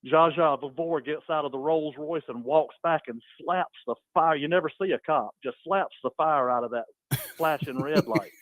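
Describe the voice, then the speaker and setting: A man's voice: fairly high pitch, moderate pace, fairly bright tone, no echo, rough recording. Chuckling man telling stories, dry mic. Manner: laid-back storyteller, chuckles often. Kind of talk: casual chat.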